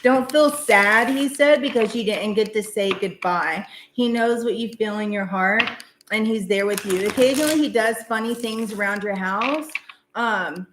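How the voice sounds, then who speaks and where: A woman's voice: mid-range voice, moderate pace, noisy background. Chatty woman in an echoey room. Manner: chatty, rambling, many fillers. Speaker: tarot reader hosting a live stream. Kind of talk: casual live-stream reading.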